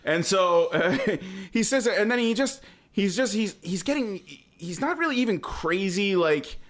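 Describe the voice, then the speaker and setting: Animated high-voiced man telling a story. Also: normal speed. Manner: animated, laughs often, acts out quotes. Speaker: podcast storyteller. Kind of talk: casual storytelling chat.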